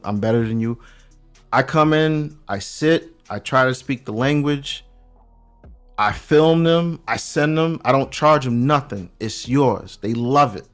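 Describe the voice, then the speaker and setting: A New York man tells stories in a loose, slangy way on a remote call, his voice at an everyday middle pitch. He acts out the people he quotes as he goes. Faint music plays behind him. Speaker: podcast guest. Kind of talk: casual chat.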